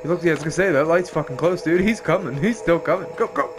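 A man giving profane, excitable running commentary while playing a game, often yelping and exclaiming. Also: a little high, quick pace, noisy background. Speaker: gameplay streamer. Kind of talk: let's play commentary.

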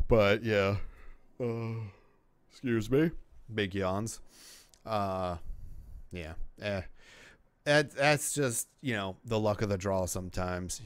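A podcast host talks slowly in a fairly low voice, recorded on a podcast microphone with no echo. Flying solo, he rambles casually, swearing a lot and leaning on fillers.

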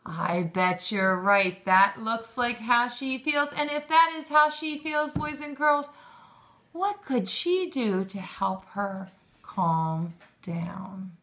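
A woman's voice: on the high side, slow, a bit bright. A woman teaching a lesson to young children, encouraging them and praising often, with questions drawn out.

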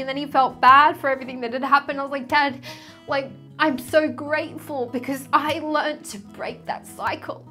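A woman in her thirties with a high voice speaks through tears, and her words waver as she struggles to stay composed. Soft music plays faintly behind her. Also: steady tone, normal speed. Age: 30s. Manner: emotional, voice wavering. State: tearful, choked up.

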